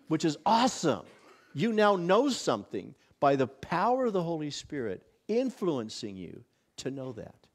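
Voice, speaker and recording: Lively, animated man teaching church. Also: fairly high pitch, moderate pace, slightly rough. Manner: conversational, many restarts and acted-out inner exclamations. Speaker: visiting pastor. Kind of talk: casual teaching at a church workshop.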